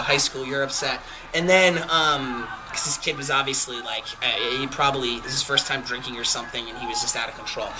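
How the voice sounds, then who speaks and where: A man's voice: fairly high pitch, noisy background. Rambling young man telling a story. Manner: rambling, animated retelling with many fillers and acted-out quotes. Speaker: podcast storyteller. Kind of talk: casual spoken anecdote.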